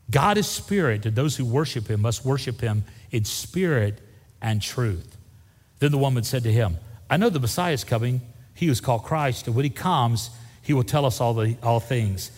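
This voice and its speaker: Man, sermon, lively pitch, reverberant hall. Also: normal speed. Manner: lively preaching, acts out Bible voices, casual asides. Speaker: pastor.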